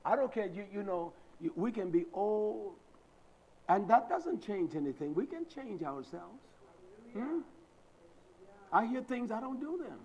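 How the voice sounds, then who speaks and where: An older man preaching a sermon, animated and acting out the voices of people he quotes. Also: high-pitched, unhurried, pauses often, slightly rough, highs cut off.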